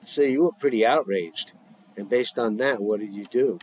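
A man voicing a calm, probing male therapist as he reads a script aloud in a measured, questioning way. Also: mid-range voice, slightly rough, close to an everyday voice, poor audio.

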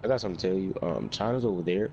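A woman voicing a polite, timid man with a gravelly, hesitant way of talking, full of ums, in a game role-play. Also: extremely low pitch, animated, very fast, warm tone, pitched below the performer's own voice. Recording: muffled lo-fi mic with faint hiss.

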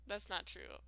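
A woman's voice: pushed and bright, no echo. A woman giving casual, rambling let's-play commentary, full of fillers and self-deprecating asides. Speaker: gaming video creator.

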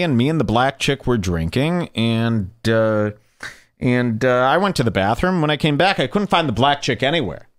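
A man hosting a podcast, talking casually and sarcastically as he comments on video clips in a studio. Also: medium pitch. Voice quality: sarcastic, animated storyteller. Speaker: podcast host. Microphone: studio microphone.

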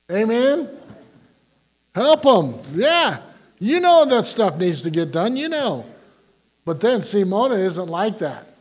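An older male pastor preaches in a folksy, joking way, tossing questions out to his congregation. His voice sits fairly high for a man. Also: very animated, very slow, long pauses, husky. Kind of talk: sermon.

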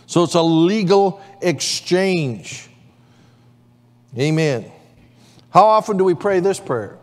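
A man's voice: high-pitched, animated, slow. A man preaching as pastor in a church, calling for amens from the congregation. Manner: preaching with call-and-response amens. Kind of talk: sermon. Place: church sanctuary. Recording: long church hall reverb.

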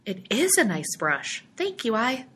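A woman doing a gentle young mother. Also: a little high, very animated, unhurried, slight background noise, voice pushed up. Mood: pleased.

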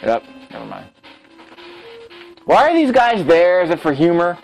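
A man's voice: high-pitched, huge pitch swings, unhurried, vocal fry, soft background music, poor audio. A man giving casual, self-critical commentary as he plays a retro game, talking to himself. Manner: chatty, self-critical, talks to himself while playing. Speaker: let's play host.

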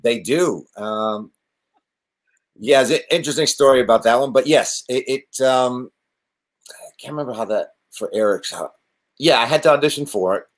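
A man, an actor and guest, telling stories in a casual interview, animated and rambling with many restarts. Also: medium pitch, normal speed, pauses often.

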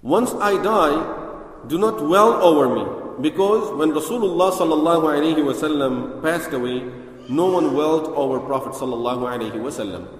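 A man delivering a religious lecture in a big echoey hall, where each phrase trails off in a long reverb. He rattles off Arabic lines at speed, then slows down to explain them patiently in English. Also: fairly high pitch. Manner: reads Arabic text fast, then explains it slowly in English. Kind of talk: Islamic lecture explaining hadith.

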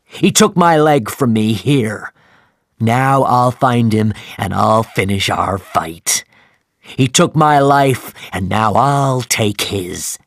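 A man voicing an obsessed old sea captain who shouts his defiance, his voice gravelly and raised. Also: mid-range voice, slow pace, no room sound, studio quality. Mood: grim obsession.

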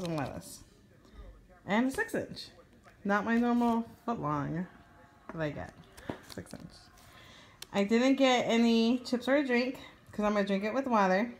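A woman's voice: medium pitch, slight background noise. A woman in her thirties talking casually to a handheld camera, venting and tired, often from her car. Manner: chatty, venting, tired then upbeat. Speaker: vlogger. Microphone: handheld camera at arm's length.

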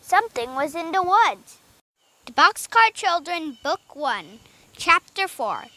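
Woman, children's book read-aloud, high voice, bright tone, expressive, lively. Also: slow pace, no room sound. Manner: expressive, lively narration with small slips. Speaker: audiobook reader.

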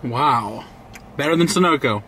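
A man's voice: mid-range voice, expressive, measured pace, fairly bright tone, a little hiss or hum. A man filming a family vlog in a car, teasing and needling his father. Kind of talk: casual vlog chat.

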